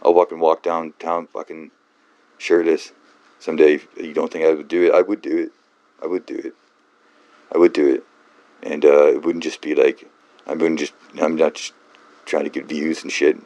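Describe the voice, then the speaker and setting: A man hosting a book channel, ranting off-script in a halting, rambling way, swearing often and mocking himself. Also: rumbling low, level tone, warm tone, dry recording, muffled recording.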